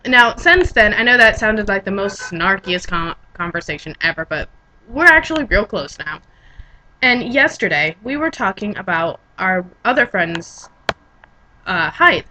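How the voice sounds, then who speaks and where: Young woman from Pennsylvania, bright, chatty vlogger who rambles and corrects herself mid-sentence. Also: medium pitch, rough recording. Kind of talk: casual storytelling vlog.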